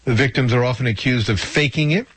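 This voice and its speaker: A man's voice: mid-range voice, fast, a bit bright, husky, no echo. A man hosting a radio talk segment, speaking conversationally with frequent fillers and restarts.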